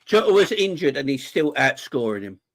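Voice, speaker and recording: A married adult man with kids hosts a live fan chat stream about football. His high-leaning voice is sing-song and a little fast, and he's passionate and emotional, often repeating himself.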